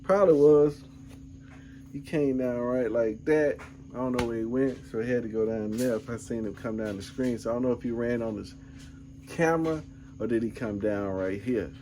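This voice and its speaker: A man's voice: mid-range voice, moderate pace, warm tone, a little hiss or hum. A middle-aged man vlogging, telling a rambling, laid-back story full of asides. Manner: laid-back, rambling, peppered with "man" and "you know what I'm saying". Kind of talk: casual storytelling.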